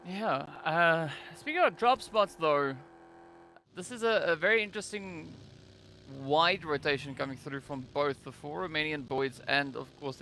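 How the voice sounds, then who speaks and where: South African male caster, bright, tense tone, analytical and easygoing. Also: on the high side. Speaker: esports caster. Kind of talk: live esports commentary.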